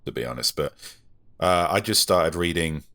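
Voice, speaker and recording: Deep-voiced man, dry humor. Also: animated, moderate pace, sharp tone, dry recording. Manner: dry, joking storyteller. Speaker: podcast co-host. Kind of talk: casual chat.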